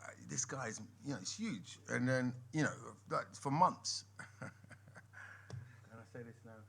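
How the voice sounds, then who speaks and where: A man as a guest on a live podcast, telling lively stories and laughing often. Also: mid-range voice, measured pace, gravelly, slightly rough. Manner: animated storyteller, laughs often, lively swings in loudness. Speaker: guest musician and actor. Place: members' club room with a live audience.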